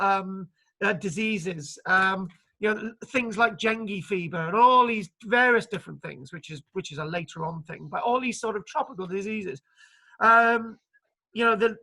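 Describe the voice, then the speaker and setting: A man lecturing online about archaeology, animated and joking, with many fillers and restarts. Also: high voice.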